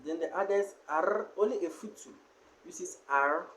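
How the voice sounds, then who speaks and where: A language teacher giving a spoken lesson on pronunciation, explaining slowly and pausing often with fillers. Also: medium pitch, fairly bright tone, poor audio.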